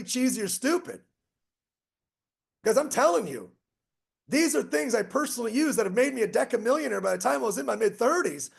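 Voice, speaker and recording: A middle-aged man presents a motivational online strategy webinar, speaking emphatically and repetitively as he rattles off lists. His voice sits high and has vocal fry.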